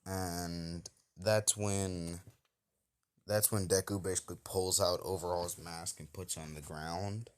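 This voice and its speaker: A man's voice: low-pitched, steady tone, slow. A man casually retelling an improvised fan story, rambling with many fillers and self-corrections.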